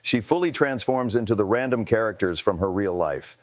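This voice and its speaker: A man reading scripted narration for a celebrity clip video in an even, measured way. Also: lowish voice.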